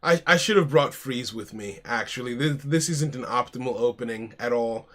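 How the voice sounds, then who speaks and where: A man's voice: medium pitch, normal speed, sharp tone. An American man streaming from home, chatting casually and talking his card game moves through aloud, calling people "mate". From United States. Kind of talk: casual live-stream chat and game commentary.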